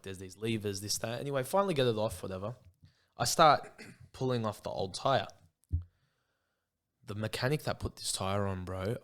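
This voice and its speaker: A young Australian man co-hosting a podcast, telling a long rambling anecdote in a casual chat and saying "bro" often. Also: lowish voice. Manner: rambling anecdote, peppered with "bro" and acted-out quotes. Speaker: podcast co-host.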